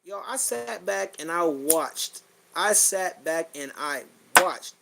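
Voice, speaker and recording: A middle-aged man with a fairly high-pitched voice talks bluntly into his podcast mic. He swears freely and circles back on his own phrases as his feeling rises and falls. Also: animated, slow, vocal fry, very noisy. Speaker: podcast host. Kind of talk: blunt personal monologue.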